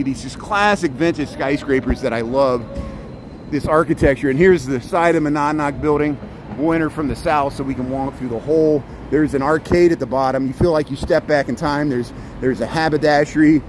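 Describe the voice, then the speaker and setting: A man's voice: on the high side, steady tone, fairly quick. A man, live-streaming a walking tour, pointing things out in a chatty way and often restarting his sentences. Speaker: vlogger streaming a city walk. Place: walking outdoors on a city street, then inside a building arcade. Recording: echoey arcade, traffic noise.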